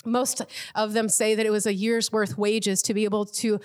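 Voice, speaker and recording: A woman's voice: medium pitch, level tone, moderate pace. A woman preaching a sermon, telling a Bible story vividly and acting out what the onlookers might have said. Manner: vivid storytelling, acts out imagined quotes.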